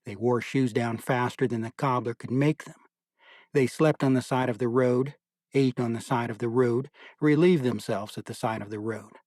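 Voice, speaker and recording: Brief: male audiobook narrator, mid pitch, dry close studio sound, measured delivery. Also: darkish tone, no room sound. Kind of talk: scripted narration.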